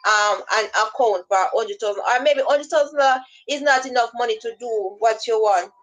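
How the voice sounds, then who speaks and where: A woman talks casually and loosely, circling back on her points and slipping into quoted dialogue as she plays both the caller and the person answering. Her voice sits a little higher than usual for a woman. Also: rough recording. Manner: rambling, acts out both sides of calls in quoted dialogue. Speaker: vlogger giving scam-awareness advice. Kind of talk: casual instructional talk.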